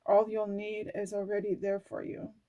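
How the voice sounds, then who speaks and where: A woman's voice: medium pitch, completely flat delivery, normal speed, dark tone. A woman reading oracle cards and her own journal notes aloud, emotional and musing, now and then swearing casually. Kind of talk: slow personal reflective talk, reading aloud from cards and journal.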